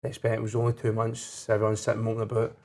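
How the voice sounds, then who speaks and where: A Scottish man who speaks quickly in a level, flat tone. He tells his story in a matter-of-fact way while co-hosting a casual whisky-lounge podcast. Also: fairly low pitch, creaky. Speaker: podcast co-host. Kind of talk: casual chat over whisky.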